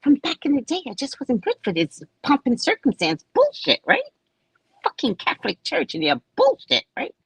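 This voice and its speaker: A psychic reader hosting a live stream tells a personal story in a casual, blunt, and profane way, laughing often. Her high voice swoops wildly in pitch at normal speed, and the recording is rough with no room sound.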